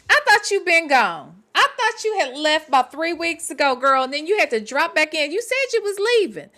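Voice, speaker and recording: Woman host, blunt and profane, bright sharp tone, swooping expressive delivery. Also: very high-pitched. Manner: blunt and profane, talks straight to viewers. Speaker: show host. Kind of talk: casual livestream chat, reading viewer comments.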